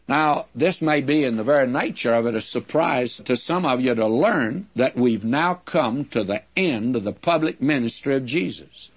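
A man preaching an earnest, emphatic sermon, addressing his listeners as friends. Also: mid-range voice.

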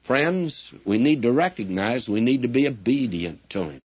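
A man's voice: mid-range voice, animated, normal speed, husky, highs cut off. Earnest man preaching a sermon. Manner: earnest, addresses listeners directly as friends; storytelling with quoted dialogue. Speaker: Bible teacher.

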